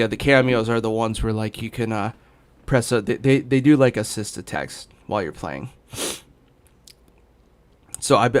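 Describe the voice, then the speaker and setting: A man's voice: mid-range voice, clean tone. A young man chatting casually as a gaming streamer, rambling with many fillers and restarts while hiccuping. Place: home in Los Angeles.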